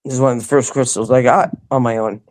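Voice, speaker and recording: A woman telling a personal story as an interview guest, animated, acting out other people's lines and laughing often. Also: rumbling low, quick pace. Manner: animated, acts out quoted voices, laughs often. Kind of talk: casual storytelling.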